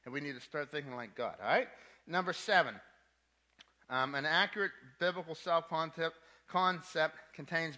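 A man's voice: a little high, moderate pace, sharp tone. A man preaching a sermon to a young adult ministry, emphatic, with casual asides, and repeating his key points twice.

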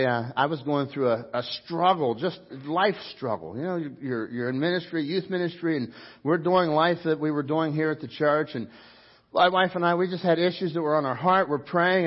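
Animated preaching man, lo-fi. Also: on the high side. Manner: animated preaching, swinging between loud emphatic bursts and quiet asides. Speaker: pastor. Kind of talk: sermon. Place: church sanctuary before a congregation.

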